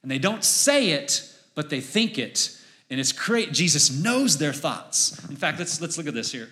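A man preaching a sermon, conversational and energetic, often asking the audience questions. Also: a little high, measured pace. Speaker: pastor.

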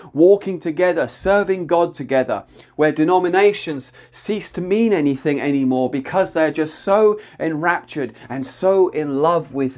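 A man's voice: a little high, darkish tone. A man preaching a prophetic word, speaking in the first person as God and building emphasis through repeated phrases. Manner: emphatic repetition, building in intensity.

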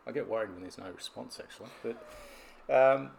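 Gravelly business coach. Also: male voice, mid-range voice, a little fast, a little mellow, a little hiss or hum. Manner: storytelling, explanatory. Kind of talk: podcast conversation.

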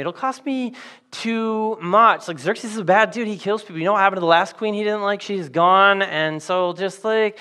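A man's voice: high-pitched, fairly bright tone. A man voicing a young queen who brushes off a plea in slangy, casual talk. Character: young queen, flippant and self-protective.

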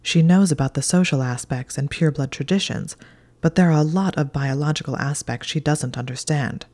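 A woman voicing an anxious, bookish young witch in a soft, breathy half-whisper, as whispered role-play. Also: low-pitched, fairly quick. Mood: earnest.

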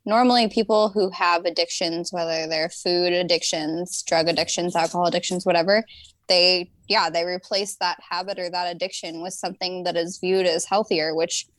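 A woman co-hosting a podcast, explaining habits and change in a measured way. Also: on the low side, steady tone, no room sound. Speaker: podcast co-host. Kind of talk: casual podcast chat.

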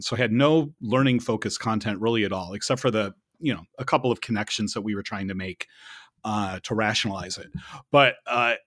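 A man hosting a casual podcast chat, chatty and quick to laugh, with rambling asides. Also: mid-range voice, a bit bright, dry recording, clean studio sound. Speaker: podcast host.

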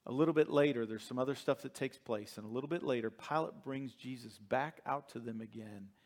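A man preaching a sermon as pastor, reading scripture dramatically and moving between hushed and emphatic delivery. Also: mid-range voice, a little fast.

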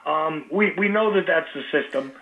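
A man's voice: fairly high pitch, normal speed. A man hosting a talk show, speaking casually with many fillers and restarts. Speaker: radio talk show host. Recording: tinny phone-line audio.

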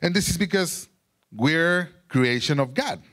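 A man's voice: on the high side, animated, unhurried, fairly bright tone. A man preaching a sermon in English. He often restarts his phrases and searches for words.

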